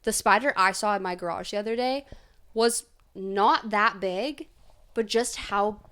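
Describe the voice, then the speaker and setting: A woman's voice: mid-range voice, a little slow, a bit bright, smooth. A young woman co-hosting a podcast, chatting casually and rambling with lots of "like". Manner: rambling, heavy on "like". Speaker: podcast co-host. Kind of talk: casual chat.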